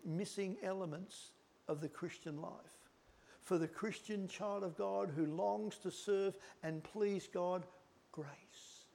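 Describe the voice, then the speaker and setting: High-voiced preacher, dramatic and emphatic. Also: male voice. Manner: dramatic swings from loud to hushed whispers. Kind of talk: sermon.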